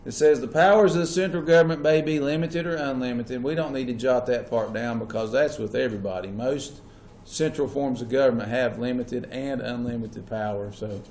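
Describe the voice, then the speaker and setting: A male teacher with a medium-pitched, slightly mellow voice lectures fairly quickly, barely pausing. He walks his class through things step by step and keeps asking if students are following. The classroom sounds echoey, with a faint hum.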